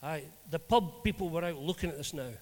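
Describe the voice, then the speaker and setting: High-voiced Scottish minister in reverberant hall. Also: male voice, a little fast. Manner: animated, acts out dialogue in anecdotes. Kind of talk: storytelling sermon.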